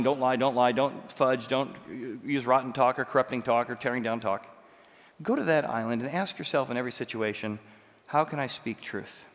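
A man preaching a sermon as pastor, telling stories with lively swings between loud and quiet. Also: medium pitch, long reverb tail. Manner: animated storytelling, jumps between loud and soft.

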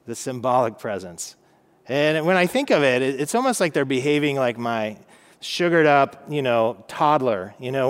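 A man in his thirties teaching a casual Bible lesson, chatty and humorous with many fillers. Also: medium pitch.

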